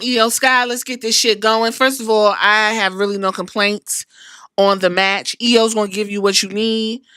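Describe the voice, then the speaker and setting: A woman hosting a podcast, recapping wrestling in a casual, animated and profane way. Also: a little high, dry recording, clean studio sound. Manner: animated, profane, acts out quotes. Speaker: podcast host.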